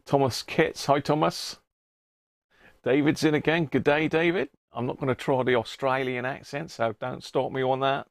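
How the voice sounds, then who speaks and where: A man's voice: medium pitch, steady tone, normal speed, vocal fry, no room sound, clean studio sound. A middle-aged man hosts a casual live stream from his home workshop, chatting, greeting viewers by name and chuckling often. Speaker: livestream host.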